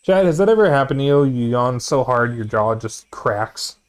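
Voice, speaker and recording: A man's voice: medium pitch, lively intonation, normal speed. A man streaming a video game, chatting casually and tiredly, with some swearing. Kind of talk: casual let's-play chat. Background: game music.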